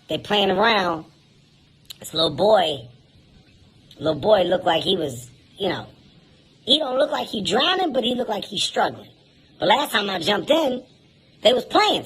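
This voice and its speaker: Profane comedian guy telling a story, voice jumps all over, pretty high. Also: slight background noise. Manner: animated, profane, laughing through lines. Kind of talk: comic storytelling.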